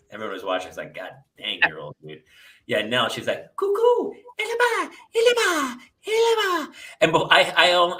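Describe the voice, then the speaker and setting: Lively joking man host. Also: mid-range voice. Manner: animated, jokey, jumps into silly voices. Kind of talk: casual comedic chat.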